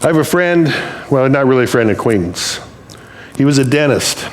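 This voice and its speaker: A man's voice: mid-range voice, animated, normal speed, a little hiss or hum. An older man giving a sermon in a church, speaking plainly and conversationally as he tells stories. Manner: storytelling, conversational, plain-spoken. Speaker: preacher.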